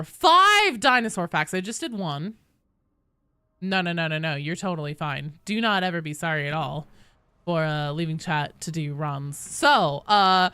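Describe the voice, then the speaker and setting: A woman's voice: fairly low pitch, smooth, no room sound, studio quality. A young adult woman streaming a game, chatting casually with her viewers and swearing freely as she plays. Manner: animated, swears freely, talks to chat while playing. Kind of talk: casual live-stream chat while gaming.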